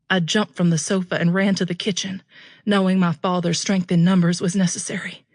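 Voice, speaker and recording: A woman narrating a romance audiobook in a steady first-person storytelling voice. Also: fairly low pitch, brisk, no room sound, clean studio sound.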